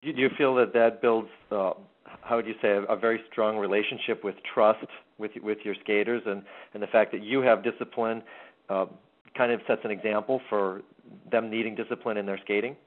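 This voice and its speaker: A man interviewing a coach, asking questions in a measured way with some hesitant fillers. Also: fairly low pitch, steady tone. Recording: tinny phone-line sound.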